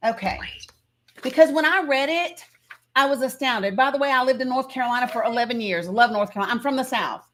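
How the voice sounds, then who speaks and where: High-pitched woman from tennessee hosting a live stream, insistent and emphatic, keeps pushing her point. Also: brisk, a bit bright, slight background noise. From Northeast Tennessee. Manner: emphatic, insistent, greets chat viewers. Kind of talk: passionate political live-stream talk.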